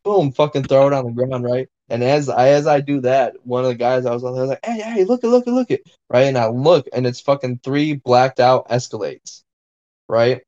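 A man's voice: medium pitch, moderate pace, dull audio. A man on a podcast telling a wild story in casual chat, swearing a lot and piling on fillers. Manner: profane, excitable storyteller, lots of fillers. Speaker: podcast co-host.

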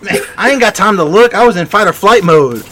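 A man guesting on a casual podcast chat, telling an animated story and laughing often. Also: high voice, fairly quick, a little hiss or hum.

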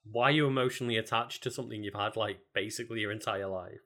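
A man's voice: on the low side, quick pace, fairly bright tone. A man co-hosting a podcast in casual chat, reacting with disbelief and plenty of swearing. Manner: incredulous reactions, heavy swearing. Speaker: podcast co-host.

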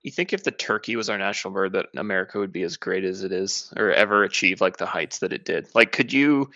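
Male co-host, low gravelly voice, sarcastic banter, dull lo-fi mic. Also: animated, fast talker, bright, forceful tone, dry recording. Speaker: podcast co-host. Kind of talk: comedic chat.

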